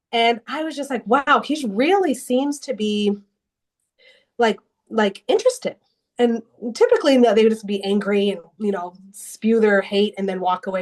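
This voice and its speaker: Earnest woman sharing her faith story. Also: fairly high pitch. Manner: earnest and emotional, with many restarts and bursts of laughter. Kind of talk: personal testimony in an interview.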